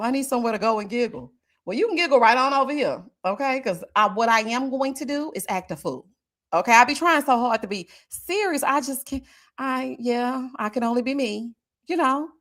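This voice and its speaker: Sassy lady in her 40s doing live show commentary, higher voice, swoops up and down a lot. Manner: sassy, animated, drawling Southern Black vernacular with "child" and "baby". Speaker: livestream host reacting to a reality show. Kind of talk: casual live commentary reading chat comments.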